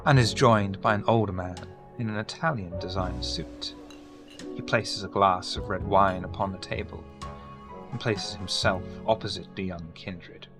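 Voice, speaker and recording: A man narrating a tabletop role-playing game as game master, in a steady, descriptive way. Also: low voice, moderate pace, over music.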